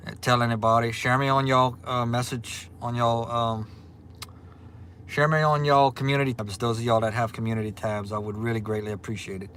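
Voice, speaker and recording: A man from Louisiana with a Southern accent, chatting casually on a livestream and reading out viewer comments in a relaxed, drawling way. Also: medium pitch, fairly quick, a little hiss or hum. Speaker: livestream host.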